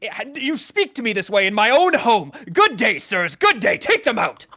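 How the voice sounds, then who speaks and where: A man's voice: extremely high pitch, expressive, takes it slowly, vocal fry, fairly bright tone, voice pushed up, heavily acted. A man voicing a pompous male lord who stammers and blusters with outrage at guests in his home. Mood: indignant.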